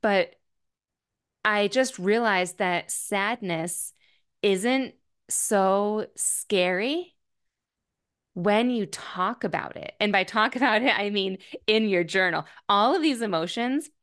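A woman's voice: mid-range voice, takes it slowly, fairly bright tone, smooth. A woman in her thirties, a podcast host, talking alone about her feelings in a candid, thoughtful way, often saying "like". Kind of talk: reflective personal monologue.

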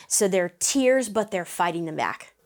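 A woman who works as a vocal coach, talking as a guest in a lively, upbeat interview and often breaking into quick vocal demonstrations. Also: on the low side. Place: Nashville.

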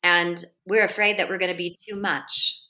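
A woman's voice: lowish voice, little pitch movement, normal speed, pushed and bright. A middle-aged woman, a podcast guest and embodiment coach, talking in an earnest, flowing way with spiritual wording. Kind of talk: casual interview chat.

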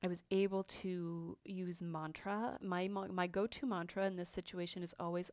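A woman's voice: fairly low pitch, little pitch movement, moderate pace, few pauses, darkish tone, dry recording. Woman, fifties, podcast host, personal storytelling, candid, reflective, restarts and fillers, dry close sound. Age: 50s.

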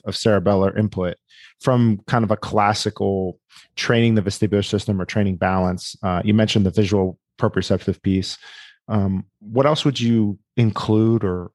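Low-voiced man asking clinical questions. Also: no room sound, clean studio sound. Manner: probing, clinical jargon, restarts. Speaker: interviewer. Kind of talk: interview questions.

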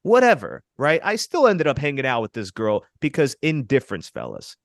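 A man's voice: mid-range voice, huge pitch swings, a little fast, vocal fry, no room sound, studio quality. Emphatic man coaching listeners on dating. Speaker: podcast co-host giving dating advice. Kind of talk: casual podcast chat.

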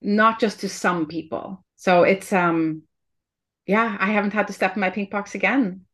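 A woman's voice: medium pitch, steady tone, normal speed, a bit bright. A woman hosting a podcast interview, talking in an earnest, reflective way with frequent restarts. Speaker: podcast host. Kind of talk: heartfelt conversational interview.

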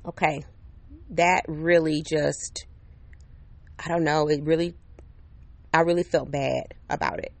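A woman's voice: sits low, fairly even intonation, takes it slowly, vocal fry, pauses often, no echo. Woman, podcast host, casual solo chat, upbeat, talks right to the listener, outdoors. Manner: chatty and upbeat, talks to listeners directly with many "okay?" and "right?". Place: outdoors under an umbrella on a patio. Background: neighbor's air conditioner.

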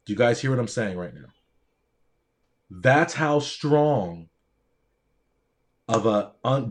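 A man's voice: mid-range voice, darkish tone. A middle-aged man, a doctor, telling a story in an earnest, emphatic monologue and repeating phrases for stress.

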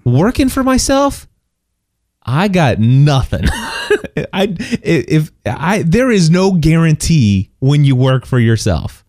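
A middle-aged man telling a personal story in casual chat, animated and full of restarts and quick laughs. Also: on the high side, no echo, clean studio sound.

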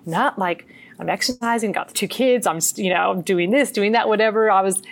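A woman's voice: medium pitch, brisk, gravelly. Earnest middle-aged Australian woman. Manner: earnest, animated storytelling. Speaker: meditation teacher, guest. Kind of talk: casual interview storytelling.

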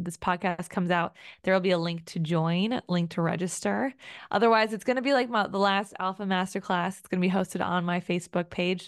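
A young woman speaks on her own podcast in a mid-pitched voice, earnest and emotive. She rambles warmly through her thoughts, leaning on "like" as she goes. The sound is close and dry, with no room around it. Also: dry recording. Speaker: podcast host. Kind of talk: solo podcast monologue.

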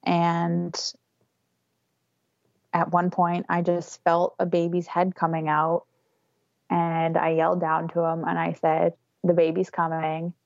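A woman's voice: lowish voice, completely flat delivery, slow pace, gravelly, pauses often, dry recording, muffled recording. A young woman casually telling a candid story, often laughing as she talks. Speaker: guest telling her birth story. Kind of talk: casual conversation.

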